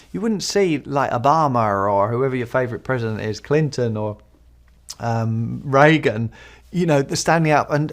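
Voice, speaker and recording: A man giving conversational advice as a speaking coach on a podcast, often adding tag questions. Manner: conversational, tag questions, animated pitch swings.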